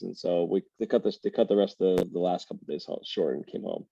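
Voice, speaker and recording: A man hosting a podcast, telling a family story in a relaxed, joking way. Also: deep voice, fast talker, vocal fry, husky, no echo. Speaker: podcast host. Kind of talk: casual podcast chat. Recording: dull, dry lo-fi sound.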